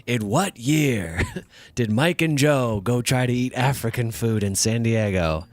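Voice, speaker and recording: A man's voice: medium pitch, lively intonation, unhurried, no echo. A man co-hosting a live stream, chatting casually and playfully. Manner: playful, game-show voice put-ons. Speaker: livestream co-host. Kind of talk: casual chat.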